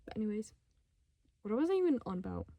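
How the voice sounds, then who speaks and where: A fifteen-year-old girl ranting casually to camera at home, rambling and sidetracked, talking fast in bursts and often dropping to a whisper. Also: medium pitch, sing-song, dark tone, dry recording, dull audio. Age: 15, teenager. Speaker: vlogger. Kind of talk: casual unscripted rant to camera.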